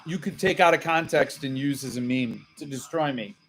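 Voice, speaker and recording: A man's voice: mid-range voice, moderate pace, fairly bright tone, faint music behind. A man hosting a casual live-stream chat with viewers, rambling and self-mocking, laughing often. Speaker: host.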